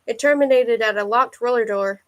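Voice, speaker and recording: A woman's voice: a little high, fairly quick. Woman reading a novel aloud. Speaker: audiobook reader.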